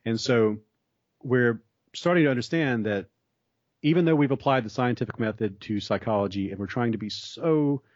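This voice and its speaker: A man's voice: mid-range voice, normal speed, no echo. A man in a conversation, explaining ideas at length in a thoughtful way with frequent restarts. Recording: dry, slightly dull sound.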